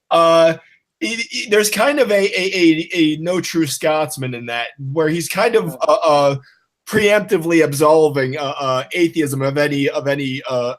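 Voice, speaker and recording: Hesitant male panelist, many fillers, slightly high voice. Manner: hesitant, filler-heavy analysis. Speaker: panel guest. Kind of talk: panel discussion.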